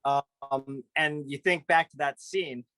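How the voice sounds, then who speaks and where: A man co-hosting a casual film podcast, earnest and measured, with a few stammers. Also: a little high, steady tone, pushed and bright, no room sound. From United States. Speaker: podcast co-host.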